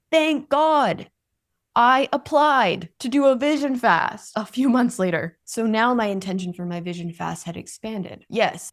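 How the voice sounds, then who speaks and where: Podcast host, woman in her thirties, candid personal storytelling, gravelly edge to the voice. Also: mid-range voice. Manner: candid, emotional, conversational.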